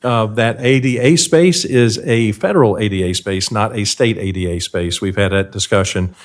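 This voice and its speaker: Brief: male county planner with a lower voice, quick and matter-of-fact, briefing a board. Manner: rapid-fire briefing, self-described auctioneer pace. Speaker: county planning staff presenter. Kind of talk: staff report at a public board meeting. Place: public meeting room.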